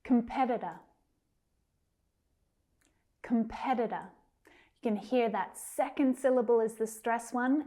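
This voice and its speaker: A woman teaching English pronunciation, carefully repeating each word slowly. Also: on the high side, darkish tone. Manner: careful, drawn-out repetition of words. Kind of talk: slow pronunciation lesson.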